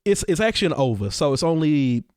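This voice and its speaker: Man co-hosting a podcast, lively swooping pitch, dry close mic, rambling with fillers. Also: fast, clear, resonant tone, no echo. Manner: animated, trails off with fillers. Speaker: podcast co-host. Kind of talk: casual chat.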